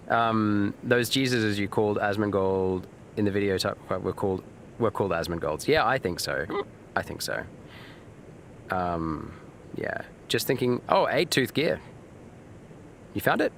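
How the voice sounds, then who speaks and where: A man with a lowish, fairly bright voice plays a game on stream at normal speed, slight background noise audible. He loosely chats with viewers and answers their messages, often using fillers, restarting sentences, and cursing occasionally.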